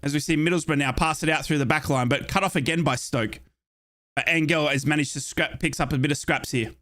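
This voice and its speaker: A young Australian man giving chatty, excitable live play-by-play of a football match as a fan commentator, with playful asides. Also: fairly high pitch, a little fast.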